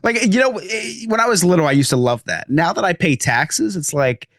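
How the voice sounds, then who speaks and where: A man's voice: sits high, expressive, moderate pace, fairly bright tone, dry recording, clean studio sound. A man hosting a podcast, telling rambling joking stories in casual chat with many restarts. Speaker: podcast host.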